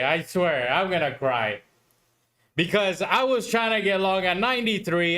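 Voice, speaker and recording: A man's voice: high voice, lively intonation, unhurried, pushed and bright. A man streaming live futures trading who talks to himself, swears and pleads with the market, exasperated at his own mistakes. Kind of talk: live trading commentary to viewers.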